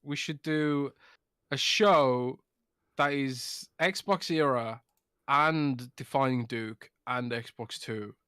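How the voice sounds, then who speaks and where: A man's voice: medium pitch, very slow, bright, forceful tone, clean tone, no room sound, clean studio sound. Drunk, sweary man on a podcast. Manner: loose, rambling and sweary. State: drunk, slurring words. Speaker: podcast co-host. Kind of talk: casual podcast chat.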